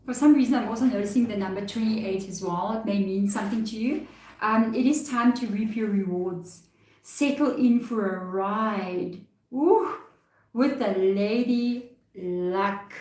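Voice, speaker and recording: A tarot reader with a South African accent laughs frequently as she offers a chatty, reassuring live reading. Her mid-range voice has a darkish tone and normal pace, and the room echoes with the mic placed far away.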